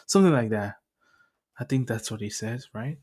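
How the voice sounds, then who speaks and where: A man's voice: mid-range voice, moderate pace, a little mellow. Rambling young man retelling a story. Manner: rambling, laughs at his own story. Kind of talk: casual fan retelling of a cartoon story.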